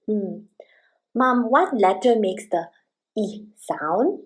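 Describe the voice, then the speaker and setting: A little kindergartner, as acted by a woman, drags out each letter sound very slowly as she tries to spell words. The voice sits at a middling pitch for a woman, and the child keeps turning to Mom for help. It is a scripted parenting demonstration. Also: animated. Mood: asking for help. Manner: slow, drawn-out sounding out of letters.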